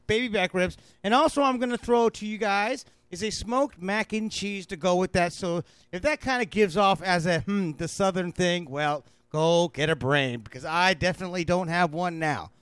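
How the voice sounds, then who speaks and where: A man hosting a radio cooking show, talking fast and rambling with a self-mocking tone. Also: sits high, fairly bright tone, smooth, no echo. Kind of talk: fast casual radio chat.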